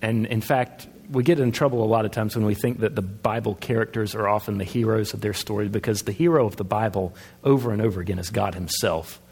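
A man's voice: on the low side, steady tone, quick pace, a little mellow, slightly rough. A man pastor preaching a sermon in a conversational way, asking his listeners questions. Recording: long hall reverb.

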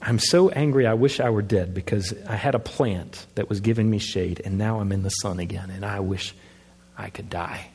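A man acting out a sulky, self-pitying male prophet who complains about his lot, with a husky voice. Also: lowish voice, moderate pace, a little mellow. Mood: sulking. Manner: complaining, sorry for himself. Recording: long hall reverb.

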